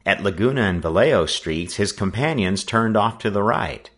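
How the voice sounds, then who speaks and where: Deep-voiced man reading a storybook aloud, voice rising and falling a lot. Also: lively intonation, normal speed, a bit bright. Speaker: audiobook narrator. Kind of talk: scripted narration.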